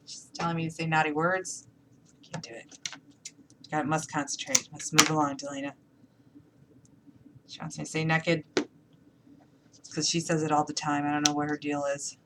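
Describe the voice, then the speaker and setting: Heavy background noise surrounds a woman's low-pitched, level voice, which runs a little fast. She's the host of a live crafting tutorial, with an upstate New York accent, chatting playfully and working through each step out loud.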